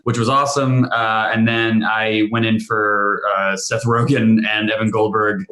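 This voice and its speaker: A man's voice: on the low side, little pitch movement, measured pace, bright, forceful tone, reverberant. A man chatting casually on a panel, telling a story in a rambling, self-interrupting way with bursts of laughter. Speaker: panel guest, actor. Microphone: video call.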